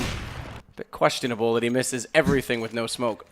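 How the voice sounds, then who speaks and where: A man calling an esports match at a brisk pace, his voice sitting in a middle pitch. He mixes tight play-by-play with playful jokes. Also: steady tone, a bit bright, slight background noise. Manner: playful, joking asides. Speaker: esports co-commentator. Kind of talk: live match commentary.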